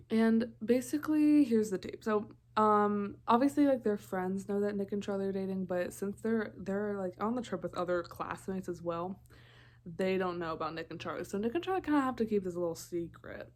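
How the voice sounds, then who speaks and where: A woman's voice: mid-range voice, a little mellow. A young woman vlogger recapping a TV show in a casual, rambling way, often breaking off mid-thought. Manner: rambling, chatty, interrupts herself often.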